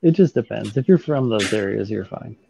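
A man's voice: on the low side, animated, a little fast, vocal fry, dark tone, slight background noise. A man joining a stream chat from his phone, talking in an easygoing, chatty way. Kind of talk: casual chat.

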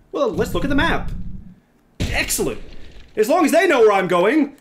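High, animated screaming game streamer man. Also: normal speed, a little hiss or hum. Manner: screams and swears in panic, then dry jokes; theatrical outbursts. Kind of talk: live gameplay commentary.

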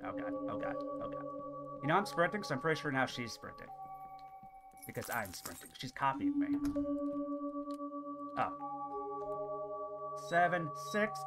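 A man's voice: a little high, sing-song, a little slow, pauses often. A man commentating a horror game as he plays, joking and talking back to the character chasing him, with yelps and laughter. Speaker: gaming commentator. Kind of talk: let's play commentary. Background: horror game music.

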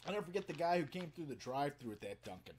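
A man telling stories to a live stream from his home den, profane and animated, swinging from loud outbursts to low mutters. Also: very fast, a little hiss or hum. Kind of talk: casual storytelling to a live chat. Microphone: webcam setup.

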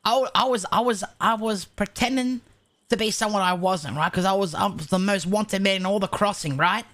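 A woman playing a brash young male outlaw, cursing through an animated roleplay story. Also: medium pitch, moderate pace, pitched below the performer's own voice, close to an everyday voice. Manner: swears constantly, animated storytelling. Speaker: roleplay streamer.

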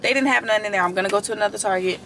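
A woman's voice: medium pitch, very fast, very noisy. Sleepy, chatty young woman vlogging. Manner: chatty and casual, addresses viewers as y'all. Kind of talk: casual vlog chat to camera. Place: in a car and around a mall. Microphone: phone camera held or propped.

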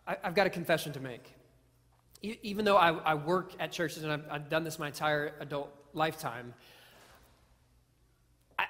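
A male preacher with a slightly high, fairly bright voice delivers a sermon in a church sanctuary, where long hall reverb makes it echo. He tells stories earnestly with self-deprecating humor, repeating phrases and restarting words.

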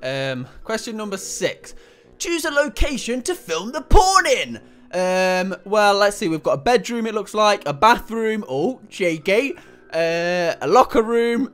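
A man, an excitable YouTuber rambling through an online quiz, swearing casually and laughing at himself. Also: sits high.

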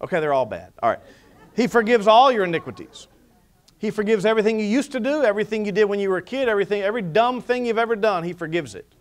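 High-voiced animated pastor preaching. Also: male voice, rapid-fire. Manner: animated preaching with scripture reading and humor. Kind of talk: sermon. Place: church.

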